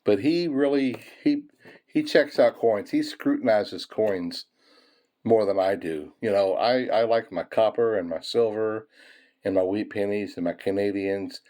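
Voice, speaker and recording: A man's voice: on the low side, unhurried, warm tone. Folksy man chatting over coin rolls. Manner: folksy, chuckles often, addresses viewers as folks. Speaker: coin-roll hunting channel host. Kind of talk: casual chat while searching coin rolls.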